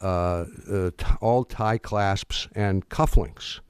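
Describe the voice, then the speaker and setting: A man's voice: low voice, slow, a little mellow, smooth, dry recording, clean studio sound. A man quoting his stockbroker friend in a casual, matter-of-fact way, while telling an anecdote. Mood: breezy. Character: older male stockbroker friend, chatty.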